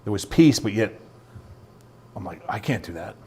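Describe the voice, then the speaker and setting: This is a man who is a middle-aged interview guest telling his own story with plain sincerity. His voice sits somewhat low, and he acts out the lines of the people he quotes. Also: animated, normal speed, mellow, slight background noise. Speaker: guest, youth ministry founder. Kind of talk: personal testimony in an interview.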